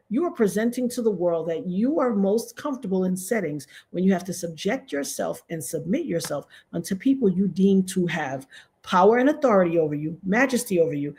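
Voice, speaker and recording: A woman's voice: on the low side, dark tone. An American woman doing casual commentary, emphatic and repetitive, with sudden outbursts. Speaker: commentary vlogger.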